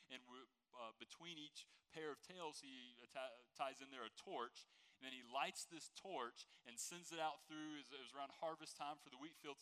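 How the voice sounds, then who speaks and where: A man's voice: mid-range voice, sharp tone. Conversational male preacher in echoing hall. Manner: conversational preaching with frequent restarts and retellings. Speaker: pastor. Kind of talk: sermon. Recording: long reverb of a large hall.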